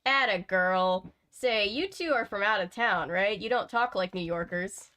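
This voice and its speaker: A woman's voice: mid-range voice, a little slow, pushed and bright. A woman reading as a chatty cab driver. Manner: gabbing, easygoing, friendly. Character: chatty talkative male city cab driver.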